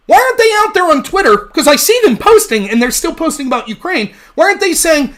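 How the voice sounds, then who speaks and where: A man's voice: very high-pitched, big pitch swings, quick pace, a bit bright. Fired-up, sarcastic male livestream host. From United States. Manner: agitated, sarcastic, challenges chat viewers; swears freely. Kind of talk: heated solo livestream rant.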